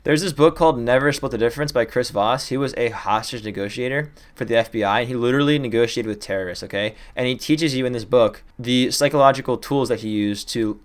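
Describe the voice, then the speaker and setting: A young man runs through sales-call tips to camera at a rapid clip, excited and riffing freely. His voice sits at an ordinary middle pitch, and he sounds like he is making up examples on the spot. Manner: excited, fast-talking, riffs off the top of his head. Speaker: sales trainer. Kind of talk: fast casual teaching to camera.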